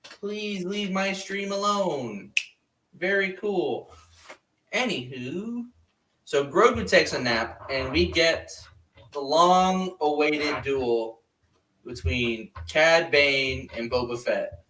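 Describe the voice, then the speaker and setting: A man's voice: on the high side, slow, sharp tone, distant mic, a little hiss or hum. A man hosting a podcast in casual chat, rambling and joking, recorded in an echoey room away from the mic. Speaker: podcast host.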